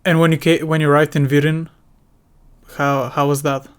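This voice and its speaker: A podcast host, a man with a smooth, clear voice pitched a little high, puts short, curious questions to his guest. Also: flat delivery, moderate pace. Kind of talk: interview questions.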